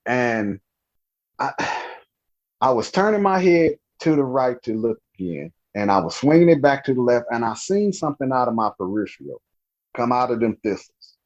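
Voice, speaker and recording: A man from Louisiana telling about a night encounter in an interview, halting and restarting as he acts out the dialogue. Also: mid-range voice, sing-song, highs cut off. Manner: slow, halting storytelling with restarts and acted-out dialogue. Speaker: guest telling an encounter story. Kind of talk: storytelling interview.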